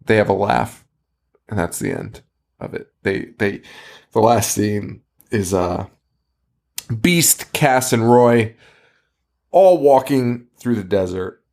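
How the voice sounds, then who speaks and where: Male podcast host, casual recap, animated pitch, giggly and profane. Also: measured pace. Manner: laughing often, swearing, rambling with restarts.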